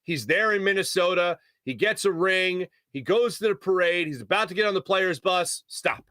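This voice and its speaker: A male sports radio host, telling a story on air in an animated way. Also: high voice, moderate pace, dry recording. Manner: animated storyteller, mimics shouting voices. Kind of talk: storytelling on a sports talk show. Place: radio studio.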